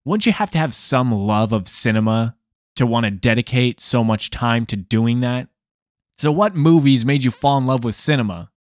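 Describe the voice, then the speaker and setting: A man's voice: medium pitch, moderate pace, darkish tone, no room sound, clean studio sound. A man hosting a film review, telling a story with sardonic, exasperated asides.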